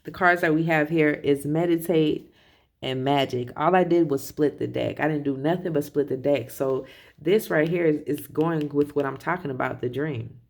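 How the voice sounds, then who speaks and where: A tarot reader talking casually and rambling, correcting themself often and laughing softly as they share a reading. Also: mid-range voice, normal speed, gravelly.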